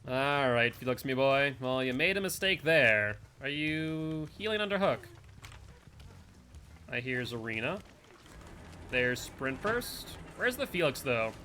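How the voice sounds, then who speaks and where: Bright-voiced chatty male streamer. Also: mid-range voice, very animated, takes it slowly, slight background noise. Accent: Northeastern US. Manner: rambling, chatty, talks to chat between plays. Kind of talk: live gameplay commentary and chat.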